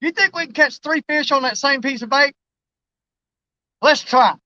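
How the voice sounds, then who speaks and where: A man, chatting casually and excitably in a fishing vlog, folksy and joking. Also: very high voice, normal speed, dry recording, highs cut off. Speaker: fishing vlogger. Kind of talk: casual outdoor vlog chat.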